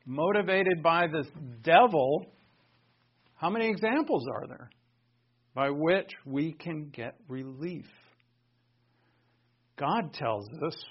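A male pastor preaching a sermon in an animated, conversational way, with sarcastic asides to the congregation. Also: on the high side, unhurried, long pauses, breathy edge, highs cut off.

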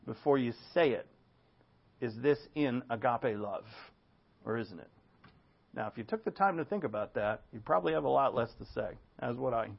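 A man's voice: mid-range voice, animated, normal speed, gravelly. A male pastor preaching an expository sermon, full of asides and rhetorical questions. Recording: dull lo-fi sound.

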